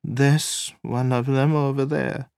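Guy doing a nervy young wife, voice pushed way up, soft and shaky, dry close mic. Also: animated, a little slow, no echo. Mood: uneasy. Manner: raised pitch, soft and faltering. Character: shaken, restless young woman, married.

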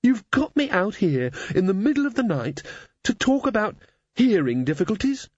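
An exasperated, snappish teenage schoolgirl in an audiobook, as a male narrator puts her on, with a voice pushed up high and swinging widely. The sound is slightly dull and dry. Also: sing-song, normal speed, dry recording. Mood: indignant. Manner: indignant and snappish.

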